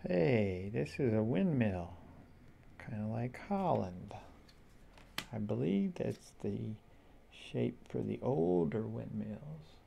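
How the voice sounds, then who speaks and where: A man slowly flipping through a tarot deck, musing aloud to himself in a casual, rambling way. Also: medium pitch, animated, vocal fry, dark tone, slightly rough. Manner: slow, musing, talks to himself. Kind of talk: casual flip-through commentary.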